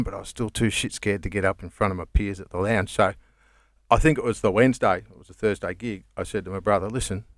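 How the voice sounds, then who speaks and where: An Australian man with a low, grounded voice spins long, rambling comedy stories, laughing easily and swearing without fuss. The sound is dry and close to the mic. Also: no room sound. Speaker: comedian guest. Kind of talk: casual storytelling chat.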